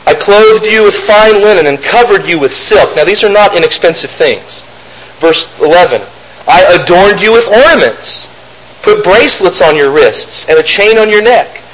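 A man's voice: high-pitched, animated, normal speed, a bit bright, a little hiss or hum, poor audio. A man preaching a sermon, reading scripture aloud and then explaining it with rhetorical questions. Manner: mocks opponents' arguments in a raised voice.

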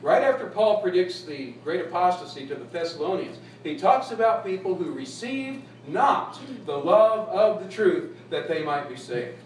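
A man's voice: sits high, very animated, moderate pace, few pauses. A male pastor preaching a folksy, humorous sermon, heard from a distance in an echoey room with faint noise. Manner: folksy, humorous, laughs at own jokes.

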